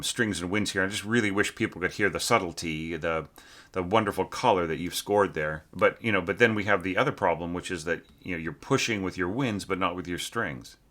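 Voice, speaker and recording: He teaches orchestration through a casual look at a score, speaking in fits and starts with many fillers and singing phrases as demonstration. The voice is low, bright, and forceful.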